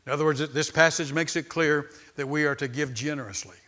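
A man's voice: on the high side, fairly even intonation, quick pace. A male pastor preaching a sermon, calling for amens and often restarting his phrases. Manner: preaching with call-and-response, stumbling restarts, swells in loudness.

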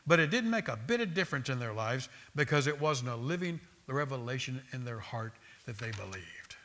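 A man's voice: mid-range voice, sing-song, fairly quick, pushed and bright. A man preaching a sermon, with an emphatic, repetitive cadence that builds through lists of phrases.

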